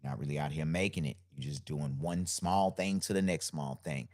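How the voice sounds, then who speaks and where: A man with a deep bass voice hosting a live solo podcast, talking loosely about energy and spirit and repeating his phrases. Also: normal speed, darkish tone. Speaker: podcast host.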